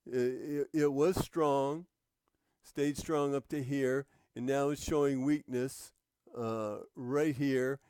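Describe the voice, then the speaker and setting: Slow, dry-voiced man explaining a chart. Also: mid-range voice, a little mellow, dry recording. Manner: unhurried, explanatory, frequent "uh" fillers and restarts. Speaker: trading instructor. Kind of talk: screen-share tutorial narration.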